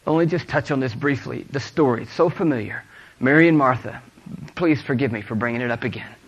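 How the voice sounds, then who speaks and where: A man preaching a sermon to a congregation, moving between hushed storytelling and loud, fervent exhortation. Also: medium pitch, brisk, breathy edge, lo-fi sound.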